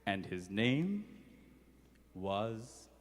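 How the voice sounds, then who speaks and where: A man putting on a solemn, mock-epic trailer narrator voice, drawing out each phrase with dramatic pauses. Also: lowish voice, big pitch swings, voice pushed down, exaggerated voice. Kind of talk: mock-epic story opening.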